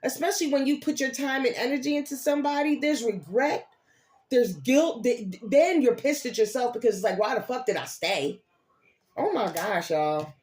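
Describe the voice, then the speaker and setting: Older woman, casual tarot reader, animated and encouraging. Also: a little high, moderate pace. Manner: animated, preachy encouragement with laughs and slang. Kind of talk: casual live tarot reading.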